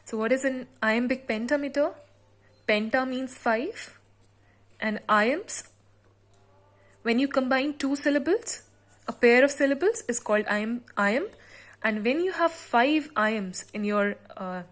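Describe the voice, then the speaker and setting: A woman teacher explaining a sonnet's meter and rhyme scheme in a slow classroom lesson, with frequent pauses and fillers. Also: a little high. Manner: reads the poem aloud slowly with extra stress. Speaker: literature teacher.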